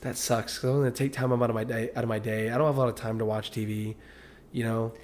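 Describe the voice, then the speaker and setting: Speaking at a quick pace with little pitch movement, this young American father has a medium, darkish voice. He co-hosts a laid-back conversation, spinning emphatic, profane stories.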